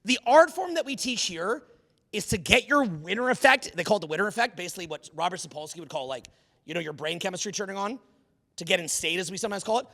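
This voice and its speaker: A man giving a live seminar talk to an audience, animated and profane, firing questions at the crowd. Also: sits high, quick pace. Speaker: seminar speaker. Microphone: unamplified handheld mic.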